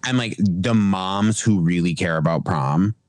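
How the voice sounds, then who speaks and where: Chatty young man with low voice. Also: measured pace, darkish tone, no echo. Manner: chatty, full of filler words and restarts. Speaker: podcast guest. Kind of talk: casual chat.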